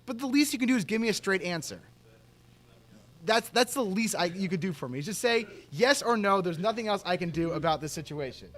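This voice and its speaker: Young male podcast host, casual storyteller, swears freely, higher voice. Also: fairly quick. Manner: animated, exasperated, swears freely.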